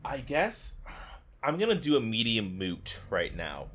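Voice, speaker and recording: Man, podcast co-host, animated pitch, playful, jokey, casual chat. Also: unhurried, slight background noise. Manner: playful, laughs often, jokey asides.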